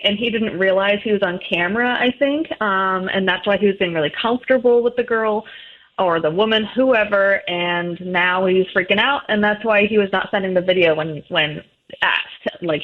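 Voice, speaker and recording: A woman's voice: mid-range voice, normal speed. A woman calling into a radio show, hesitant with many fillers. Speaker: caller. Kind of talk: phone call into radio show. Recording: tinny phone line.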